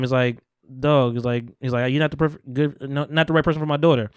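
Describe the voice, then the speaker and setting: Fast-talking man recapping a movie. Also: mid-range voice, clear, resonant tone, dry recording. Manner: animated, acts out characters' lines in quick voices. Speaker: podcast co-host. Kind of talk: casual chat, recapping a movie. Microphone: studio podcast mic.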